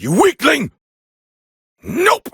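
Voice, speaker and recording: An actor playing an arrogant, proud alien warrior prince, barking boastful taunts and battle cries in gravelly video game voice clips. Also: male voice, very high-pitched, wildly swooping pitch, drawn-out words, a bit bright, no echo, clean studio sound, heavily acted. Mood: arrogant, furious. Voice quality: gravelly, raspy. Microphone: close studio mic, dry.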